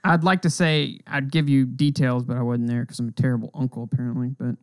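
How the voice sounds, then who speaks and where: A man's voice: mid-range voice, fairly even intonation, fast, clear, resonant tone, dry recording. A man hosting a podcast, chatting casually and joking around with his co-host. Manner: joking, rambling banter.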